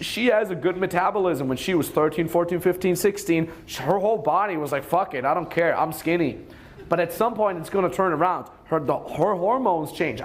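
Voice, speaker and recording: A young man giving crude dating advice in a rambling way, swearing a lot and acting out quoted lines. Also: sits high. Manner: acts out quoted lines in a raised voice. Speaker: dating coach. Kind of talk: casual advice talk.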